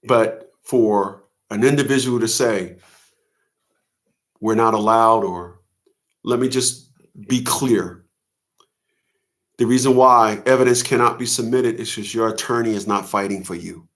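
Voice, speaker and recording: A man's voice: lowish voice, measured pace, pauses often, fairly bright tone. A man giving a heated, profane commentary monologue as a channel host, often acting out courtroom dialogue in a raised voice. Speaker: father's rights channel host.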